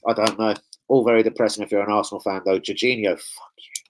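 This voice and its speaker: A man with a lowish voice hosts a football fan live stream, talking fast in a steady tone. He rants casually while reading the chat, swearing heavily and bantering in slang. The audio is poor.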